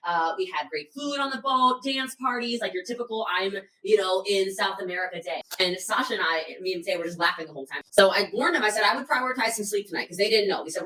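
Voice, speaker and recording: A fast-talking woman tells a story with a bright, forceful voice, acting out every quote and swearing. She sits a little away from the mic in a roomy, echoey space. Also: medium pitch, animated, recorded from a distance. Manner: dramatic, acts out quotes, swears, loud outbursts. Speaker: business leader telling a story. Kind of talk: animated storytelling to camera.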